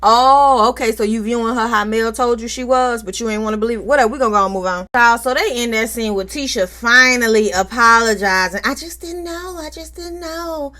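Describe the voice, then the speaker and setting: A woman's voice: fairly high pitch, brisk, few pauses, bright, forceful tone. A woman hosting a casual reality TV recap, sassy and outspoken, with frequent asides. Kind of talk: casual episode recap commentary.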